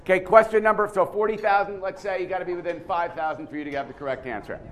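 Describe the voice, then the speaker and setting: A man leading a lively seminar quiz, putting questions to a live audience and often repeating himself as he goes. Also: sits high, fast. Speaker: seminar speaker running a quiz. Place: conference room with a live audience.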